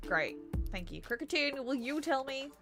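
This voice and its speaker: A woman's voice: sits high, lively intonation, moderate pace. A woman streaming a game, chatting playfully and reading the dialogue aloud. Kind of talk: game playthrough commentary. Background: faint game music.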